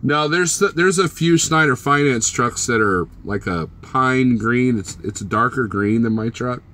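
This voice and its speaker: Rambling trucker chatting with viewers. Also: male voice, mid-range voice, unhurried, a bit bright. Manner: rambling, joking, teasing viewers by name. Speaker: trucker vlogger reading live chat. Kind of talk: casual live-stream chat.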